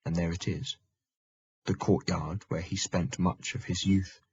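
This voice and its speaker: A man narrating a historical audiobook in a measured, steady manner. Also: low-pitched, dull audio, a little hiss or hum. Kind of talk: scripted narration.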